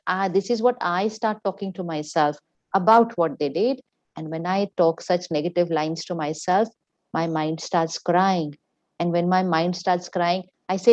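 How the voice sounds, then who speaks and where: A woman with a lower voice gives a spiritual talk, driving her points home and repeating key phrases in an instructive way. The sound is dull and lo-fi. The voice sits dry, with no room around it. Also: a little slow, a little mellow, no echo. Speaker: spiritual teacher.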